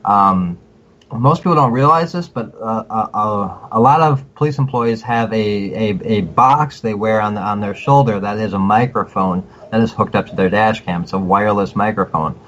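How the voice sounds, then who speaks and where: A man giving advice as a podcast guest in casual talk, halting and repeating words as he restarts his sentences. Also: fairly low pitch, a bit bright. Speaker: podcast guest, cop watcher. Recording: dull lo-fi audio with faint noise.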